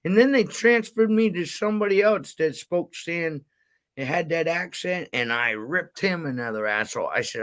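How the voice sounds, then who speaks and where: A man's voice: fairly high pitch, animated, normal speed, a bit bright. A man ranting and telling stories in casual chat, profane and rambling, heated at times. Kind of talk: casual storytelling rant.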